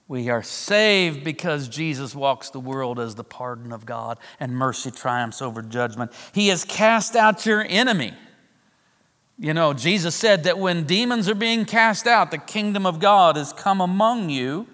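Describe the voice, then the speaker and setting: A man's voice: on the high side, moderate pace, fairly bright tone. A middle-aged man preaching a sermon, emphatic and fond of repeating key phrases for effect. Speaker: pastor. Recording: long reverb of a large hall.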